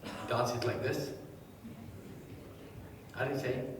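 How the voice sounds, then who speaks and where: A man giving a live seminar, quizzing the audience and telling anecdotes in a lively way. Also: mid-range voice, slow, background noise. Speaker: motivational speaker. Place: large hall with a live audience. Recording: echoey hall, distant mic.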